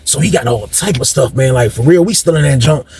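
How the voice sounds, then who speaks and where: A man's voice: mid-range voice, brisk, a little mellow, breathy edge. A man casually telling a long story in a rambling, slangy way, addressing his listeners directly.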